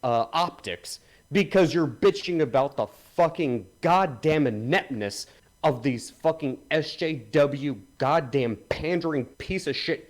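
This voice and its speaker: A man's voice: on the high side, low-quality recording. A man co-hosting a livestream, delivering an angry, profane rant. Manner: angry, swearing, emphatic. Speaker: podcast co-host.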